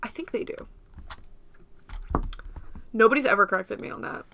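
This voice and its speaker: Bright, chatty young American woman streamer. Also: fairly high pitch, moderate pace, vocal fry, slight background noise. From United States. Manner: chatty and rambling, laughs often, talks to viewers. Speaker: livestream host. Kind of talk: casual livestream chat.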